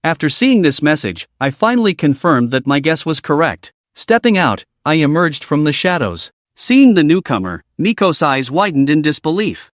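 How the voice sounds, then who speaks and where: Man narrating a comic recap, lively pitch. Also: moderate pace, hardly any pauses, dry recording, studio quality. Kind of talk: scripted first-person story narration.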